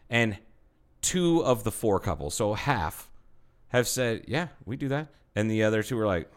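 A man co-hosting a podcast, teasing and crude in casual banter. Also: medium pitch. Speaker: podcast co-host.

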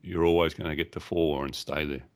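Deep-voiced man co-hosting over a call. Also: steady tone, fairly quick. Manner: playful, teasing, chatty. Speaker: podcast co-host. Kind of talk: casual chat. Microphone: remote call line.

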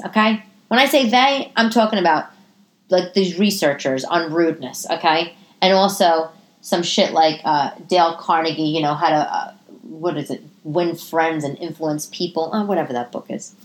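A woman in her thirties hosting a casual solo podcast from her living room, chatty and profane, often jumping into animated high-pitched asides. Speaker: podcast host.

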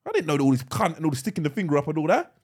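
Male podcast co-host, lively slightly high voice, teasing skeptic. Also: very fast, breathy edge. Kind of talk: casual chat.

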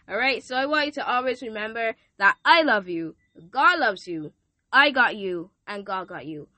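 A teenage girl hosts her own casual podcast, talking warmly and loosely to listeners, full of ums and little asides. Her voice sounds bright and a bit tense. It is recorded dry, with no room sound. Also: mid-range voice, lively intonation, moderate pace, no echo. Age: teens. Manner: chatty, affectionate, rambling with fillers. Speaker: podcast host. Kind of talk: casual faith podcast thank-you message.

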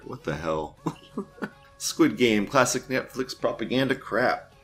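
A man's voice: fairly low pitch, lively intonation, slow pace, a bit bright, faint music behind. A man hosting an online news show, reading forum posts aloud and mocking them with crude, profane remarks and frequent laughter.

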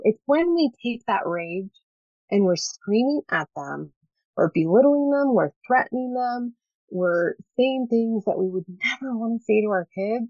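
Her voice is on the high side and animated, though her pace stays measured: she's a parenting coach in her thirties, chatting casually as an interview guest. She talks a lot, earnestly, with plenty of fillers, on a dry recording with slightly dull lo-fi sound.

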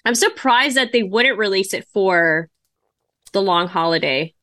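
Woman, podcast co-host, chatty, thinks aloud, bright voice, dry recording. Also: mid-range voice, expressive, unhurried, no echo. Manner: chatty, thinks aloud while browsing ticket sites. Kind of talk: casual chat.

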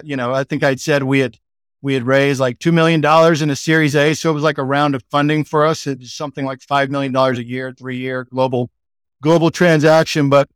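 A man's voice: fairly high pitch, clear, resonant tone, no room sound, studio quality. A middle-aged man with a Texan accent, a podcast guest telling a story casually and chattily, full of "like" and "you know". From Texas. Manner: chatty, laid-back, frequent 'like' and 'you know' fillers. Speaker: guest, sales executive.

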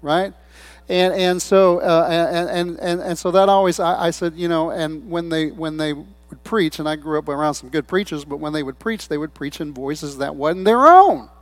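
A man's voice: on the high side, moderate pace, no echo. A man preaching a sermon in a loose, conversational way, telling stories and quoting people in different voices. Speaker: pastor.

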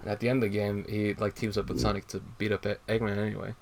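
A man's voice: lowish voice, little pitch movement, fast talker, vocal fry, slight background noise. A man co-hosting a casual chat about a comic, explaining at length with many fillers and swearing. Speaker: co-host reviewing a comic.

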